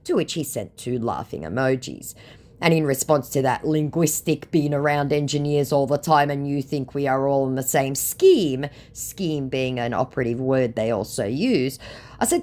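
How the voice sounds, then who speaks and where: A low-voiced woman reads chat messages aloud. Her delivery is sarcastic and mocking, with a lively, swooping pitch. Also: moderate pace. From Australia. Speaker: scam baiter.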